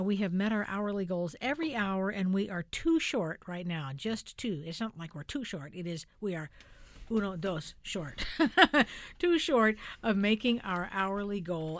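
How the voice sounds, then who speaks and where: Cheerful lady radio host doing a pledge pitch, chatty, dead dry studio sound. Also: no room sound. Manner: upbeat, chatty, laughs easily. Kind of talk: pledge drive on-air appeal.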